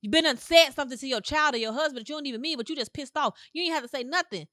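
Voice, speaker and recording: A woman hosts her own podcast, talking in a punchy, repetitive, motivational way with loose slangy phrasing. Her voice sits high and bright. The recording is dry and close, with almost no room sound. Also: racing, dry recording. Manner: emphatic, repetitive, preachy. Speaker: podcast host. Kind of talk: motivational monologue.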